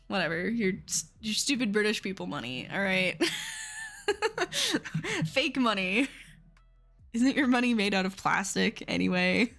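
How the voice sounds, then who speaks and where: A woman's voice: medium pitch, gravelly, fairly bright tone. A young woman from Seattle chatting casually on a live stream, talking frankly and with exasperation, swearing often. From Seattle, USA.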